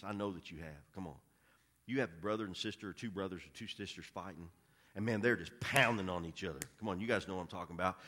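A man preaching a sermon as pastor, talking conversationally, often repeating his opening words and swinging from hushed asides to loud emphasis. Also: lowish voice. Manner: repeats words when starting sentences.

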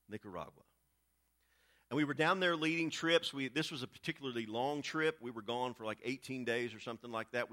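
Middle-aged preacher, bright edgy voice, animated storytelling with lots of repeated words. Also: male voice, mid-range voice. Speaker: pastor. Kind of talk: storytelling sermon.

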